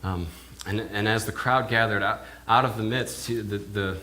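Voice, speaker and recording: A man delivers a sermon as a first-person character monologue in a church, his voice sitting on the low side. He talks haltingly, often repeating words before pushing on, with a faint hiss under him. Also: steady tone, pushed and bright. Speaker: minister.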